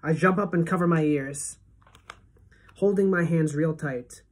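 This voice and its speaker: A woman teacher reading a novel aloud to her class as a first-person narrator, steady and expressive. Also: sits low, unhurried, pauses often.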